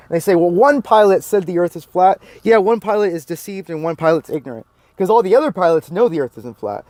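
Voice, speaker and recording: A man with a fairly high voice delivers a heated monologue. He is blunt and swears freely. He circles back to the same points again and again. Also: dark tone, dry recording. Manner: heated, blunt and profane, repeats his points. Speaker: video commentator. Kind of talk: ranting monologue.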